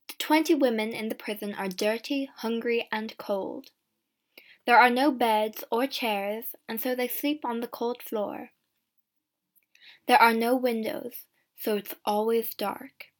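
Woman narrator, first-person storybook reading; slow, clear, slightly high. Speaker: audiobook narrator.

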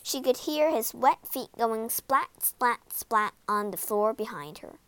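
A woman reading a children's storybook aloud in an expressive, lively way, voicing all the characters herself. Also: fairly high pitch, unhurried, clean tone, dry recording. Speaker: storybook narrator. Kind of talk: storybook read-aloud narration.

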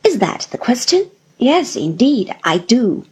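A woman voicing an earnest, loving young husband in a storybook reading, with a gentle, reassuring manner. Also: on the high side, sing-song, measured pace, breathy edge, heavily acted. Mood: tender.

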